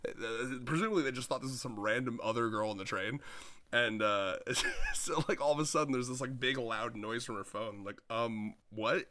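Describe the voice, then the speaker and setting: A man co-hosting a podcast, chatting casually and telling stories in an animated, rambling way. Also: medium pitch, normal speed, slight background noise. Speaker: podcast co-host. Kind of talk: casual chat reviewing a manga chapter.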